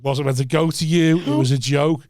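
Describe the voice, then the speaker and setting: Man, mid-pitched and animated, podcast anecdote, dry room. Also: moderate pace, no echo. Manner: animated, swearing, acts out voices. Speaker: comedian. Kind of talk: casual podcast storytelling.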